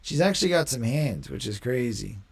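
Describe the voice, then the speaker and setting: A young man hosting a casual live stream, talking in a slangy, rambling way and quick to mock. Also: mid-range voice, big pitch swings, creaky, husky. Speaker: livestream host.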